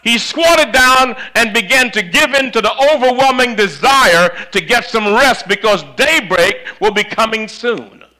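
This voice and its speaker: A man preaching a sermon, telling a story in a dramatic way that swings from loud to hushed, on a microphone that cuts in and out. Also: very high-pitched, lively intonation, a little slow, few pauses, poor audio. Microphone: handheld or stand mic that cuts out.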